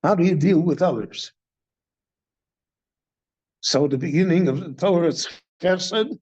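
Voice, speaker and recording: Recorded in a synagogue with a dull, lo-fi sound, an older rabbi teaches Torah very slowly and deliberately, raising questions and then answering them himself. His darkish-toned voice is somewhat high for a man.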